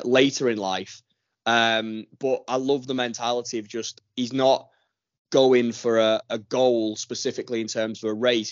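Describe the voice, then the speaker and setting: A man's voice: mid-range voice, no room sound, dull audio. A man hosting a casual podcast, chatty and teasing, enthusiastic when praising a guest. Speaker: podcast host.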